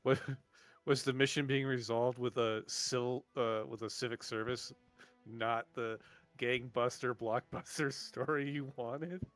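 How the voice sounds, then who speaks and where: A man's voice: medium pitch, unhurried, faint music behind. Easygoing man joking at the table. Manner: laughs easily, relaxed joking. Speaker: player. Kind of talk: casual chat.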